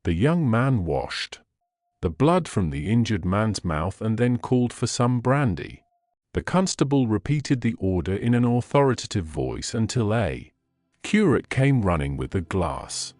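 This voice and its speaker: A man reading a classic short story aloud as an audiobook narrator, measured and expressive. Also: fairly low pitch, dry recording.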